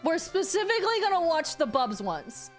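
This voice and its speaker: High-voiced excitable woman streamer. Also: moderate pace, faint music behind. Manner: excitable, swears freely, repeats herself. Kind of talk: casual live-stream chat with viewers.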